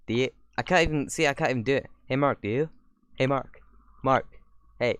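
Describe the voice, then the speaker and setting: A man's voice: medium pitch, a little fast, smooth. A young man hosting his channel, giving rambling casual reaction commentary with sarcastic asides. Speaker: YouTuber host.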